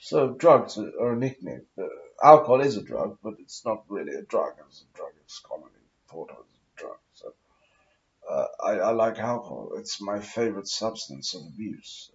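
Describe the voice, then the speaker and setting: Posh english guy smoking as he rambles, swears a lot, lowish voice that swings all over, kinda dull muffled audio. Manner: profane, meandering, self-mocking asides; smoking while talking. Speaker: vlogger. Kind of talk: rambling monologue to camera.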